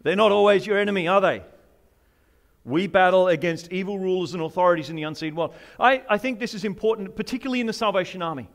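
A pastor preaches a sermon in a light, high voice, speaking fast with vocal fry. His delivery is humorous and conversational, full of asides and questions for his listeners, and he keeps the tone easygoing throughout.

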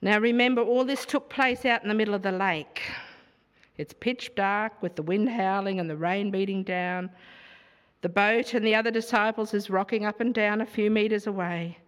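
A woman preaching a sermon in a measured way, often asking rhetorical questions. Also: mid-range voice, smooth, long reverb tail.

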